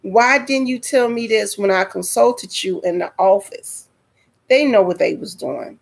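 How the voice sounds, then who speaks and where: Slow, gravelly woman telling a story. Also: mid-range voice. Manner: dramatic storyteller addressing viewers as y'all. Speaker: vlogger. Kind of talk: storytime vlog.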